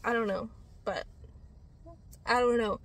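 A young woman vlogger rambling through a casual product review, chatty and full of fillers, quick to get exasperated. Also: fairly high pitch, steady tone, slight background noise. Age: young adult.

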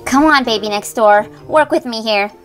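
A woman's voice: on the high side, normal speed, soft background music, natural voice. A woman voicing a teenage big sister babysitting in a toy doll role-play, scolding and sing-song. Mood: bossy. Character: teen big sister babysitting, bossy but kind.

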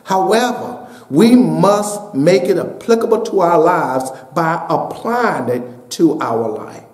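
A man preaching a sermon as pastor, building to shouted peaks and dropping to a hushed voice for a story. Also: sits high, expressive, slow, reverberant. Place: church sanctuary.

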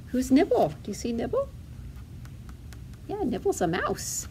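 A woman's voice: high voice, huge pitch swings, a little slow, dark tone, a little hiss or hum. A woman librarian reading a storybook aloud to toddlers in a sing-song way, asking the children questions as she goes.

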